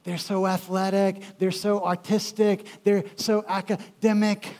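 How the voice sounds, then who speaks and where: A man preaching a sermon as pastor in a church, emphatic and repeating his key phrases, swinging between loud and quiet. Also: high voice, level tone, a little slow.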